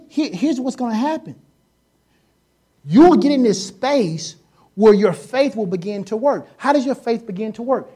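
A woman with a warm, somewhat high voice and a breathy edge preaches a sermon casually and jokingly. She speaks colloquially, often acting out voices and sounds and repeating herself for emphasis.

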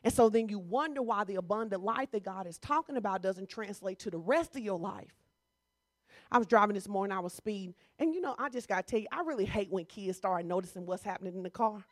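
A woman's voice: medium pitch, expressive, fast, dry recording, studio quality. A woman pastor preaching a sermon in a conversational, teasing way.

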